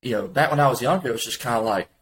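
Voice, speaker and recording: A man's voice: medium pitch, racing, fairly bright tone. Young man chatting over faint noise. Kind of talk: casual chat.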